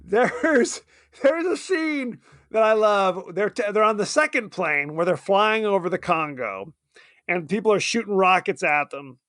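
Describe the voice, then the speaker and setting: A man's voice: high voice, animated, unhurried, a bit bright, no echo, studio quality. A man co-hosting a podcast in casual chat, amused and chatty, laughing often as he talks about a movie. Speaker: podcast co-host.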